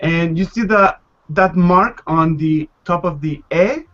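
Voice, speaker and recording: Male language teacher, slightly high voice, unhurried, lo-fi call audio. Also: fairly bright tone. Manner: patient, slow, repeats and models pronunciation. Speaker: Spanish teacher. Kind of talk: live online language class. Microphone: video call.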